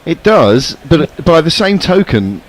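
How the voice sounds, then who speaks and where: A man's voice: a little high, sing-song, slow pace, poor audio. Bantering male cricket commentator. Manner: bantering, rambling. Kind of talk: casual cricket commentary chat.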